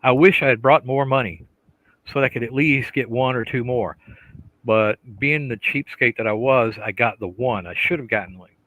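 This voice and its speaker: A middle-aged man in casual chat, telling stories in an animated way and acting out the voices and sounds. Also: medium pitch, moderate pace, dry recording, narrow, tinny audio.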